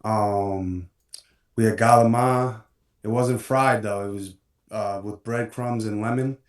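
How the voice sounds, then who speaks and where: A man in his twenties, a guest in a casual chat, talking in a relaxed, hesitant way with lots of ums as he searches for words. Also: on the low side, takes it slowly, recorded from a distance. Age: 20s. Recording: roomy sound from farther off the mic.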